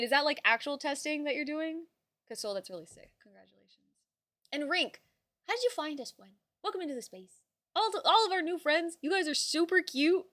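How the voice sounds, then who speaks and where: Young woman streamer, bright and bubbly with casual swearing, dry close sound. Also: high-pitched, no echo. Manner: bubbly, swears casually, quick mood swings. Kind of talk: casual chat with viewers.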